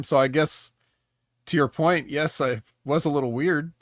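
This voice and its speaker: A man with a slightly higher voice co-hosts a wrestling review show in casual chat. He recaps matches with dry jokes and rambling asides. The recording is dry and close to the mic. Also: steady tone, a little slow, no room sound.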